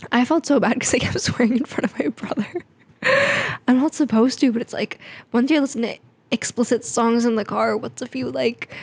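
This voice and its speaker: A woman's voice: a little high, a little mellow, no echo. A young woman vlogging in a chatty, rambling, self-mocking way. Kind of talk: casual vlog chat.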